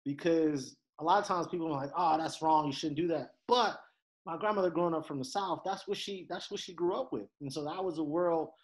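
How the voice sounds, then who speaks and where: A young man from Detroit, a podcast guest talking in a casual, animated way. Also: fairly high pitch, a little fast. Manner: animated, swings into loud laughing impressions. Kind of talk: casual conversation.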